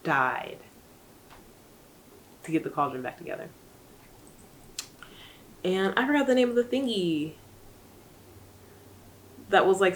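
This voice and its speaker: A woman's voice: medium pitch, big pitch swings, slow pace, pauses often, a little hiss or hum, low-quality recording. A young woman rambling through a casual book recap, full of fillers and asides. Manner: rambling, chatty, many fillers. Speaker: book vlogger.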